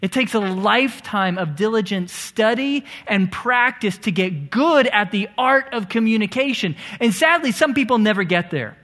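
A man's voice: high-pitched, expressive, moderate pace, hardly any pauses, fairly bright tone. A married man preaching a sermon in church, emphatic, sometimes dropping to a near-whisper on key phrases. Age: adult, married. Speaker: pastor. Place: church sanctuary.

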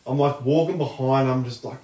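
A man's voice: mid-range voice, fairly even intonation, fairly quick, a little mellow, distant mic. Young man, podcast host, rambling, sweary, roomy sound. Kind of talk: casual chat. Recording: roomy and off-mic.

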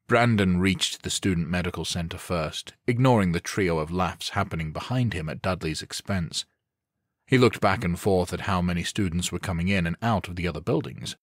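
A low-voiced man narrates an audiobook from a script, telling the story in a steady, measured way. The recording is dry, with clean studio sound.

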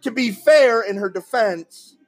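High-voiced husky man telling odd stories. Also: measured pace. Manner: animated storyteller, laughs often, acts out quotes. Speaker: podcast co-host. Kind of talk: casual chat, reading odd news stories.

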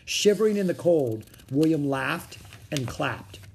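A man reading a children's chapter book aloud, with expressive, dramatic storytelling. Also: fairly high pitch, measured pace, gravelly, husky. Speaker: narrator.

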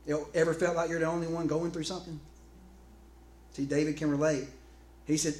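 A man preaching a sermon in an animated, conversational way, often restarting phrases and calling out to his congregation. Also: on the high side, brisk, long pauses. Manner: calls out to the congregation. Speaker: pastor. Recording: echoey room with faint background noise.

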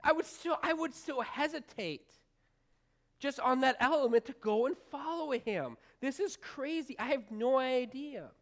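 A woman's voice: sits high, lively intonation, measured pace. A woman pastor giving an informal, rambling sermon, talking straight to the congregation with fillers and restarts. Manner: folksy, talks straight to the congregation. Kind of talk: conversational sermon.

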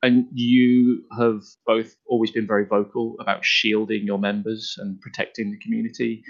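A man's voice: fairly low pitch, flat delivery, moderate pace. A man hosting a casual podcast chat, chatty and laughing often. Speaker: podcast host. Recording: dull lo-fi podcast audio.

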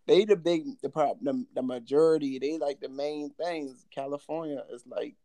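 A man's voice: on the high side, unhurried, dark tone, dry recording. A man co-hosting a podcast, telling stories and acting out quotes in casual chat. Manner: storytelling with acted-out quotes, laughs easily. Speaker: podcast co-host.

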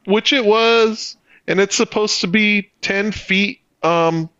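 A man's voice: sits high, slow, sharp tone, clear, resonant tone, dry recording, lo-fi sound. A man telling a story as a podcast co-host, swearing freely and laughing as he goes. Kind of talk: casual profane storytelling.

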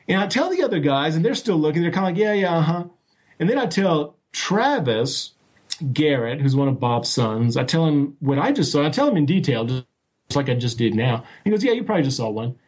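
A man telling a story as an interview guest, animated and full of restarts and acted-out quotes. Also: fairly high pitch, a little fast, breathy edge. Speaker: guest recounting a sighting. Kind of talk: casual storytelling.

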